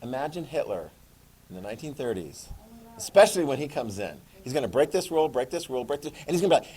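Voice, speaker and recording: Man, middle-aged, history teacher, lively jokey lecture, slightly higher voice. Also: breathy edge. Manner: animated, jokey, acts out quick voices. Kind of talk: classroom lecture.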